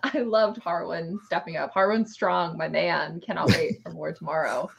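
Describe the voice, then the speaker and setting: A woman's voice: lowish voice, moderate pace, gravelly, a little hiss or hum. A woman in casual podcast chat, wry and joking, laughing often, on dull lo-fi audio. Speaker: podcast co-host. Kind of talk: casual chat recapping a TV episode. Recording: dull, lo-fi sound.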